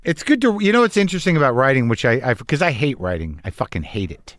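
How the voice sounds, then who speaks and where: A middle-aged man in casual conversation, blunt and swearing freely, with halting restarts. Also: mid-range voice, huge pitch swings, no echo, studio quality. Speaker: comedian and podcast host.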